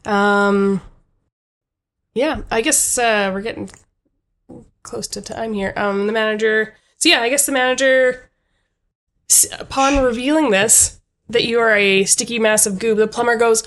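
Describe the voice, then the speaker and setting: A woman's voice: on the high side, steady tone, measured pace, long pauses, fairly bright tone. A young adult woman narrating a comedy tabletop game as game master, hesitant with many ums. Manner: hesitant, lots of ums, laughs easily.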